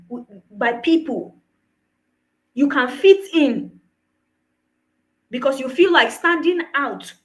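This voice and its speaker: A woman's voice: high-pitched, poor audio. A woman coach giving an earnest motivational talk, often checking in with her listeners through rhetorical questions. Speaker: personal development coach.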